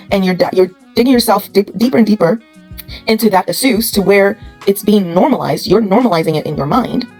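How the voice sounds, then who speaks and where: Brief: a woman commentator who talks fast and lectures bluntly straight to camera, with soft music underneath. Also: mid-range voice, rough recording. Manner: blunt, lecturing, full of rhetorical questions. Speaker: commentary channel host.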